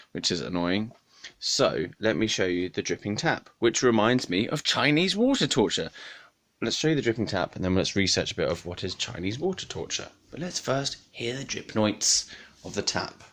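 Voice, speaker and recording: A man's voice: fairly low pitch, fairly bright tone, dry recording. A man, rambling to camera at home in a sweary, self-mocking way. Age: 30s. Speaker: vlogger. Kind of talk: rambling casual monologue.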